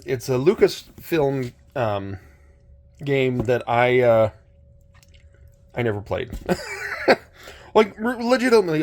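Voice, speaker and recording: A middle-aged man hosting a casual unboxing chat, his voice a little hoarse, talking in a rambling, hesitant way with many restarts. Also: medium pitch. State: slightly hoarse. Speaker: channel host.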